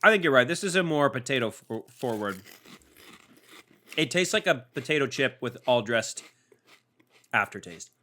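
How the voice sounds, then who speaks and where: Male co-host on a snack-tasting podcast, easygoing, thinks out loud, laughs a lot. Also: medium pitch, animated, moderate pace, long pauses. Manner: laid-back, laughs often, musing. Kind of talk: casual food-tasting chat.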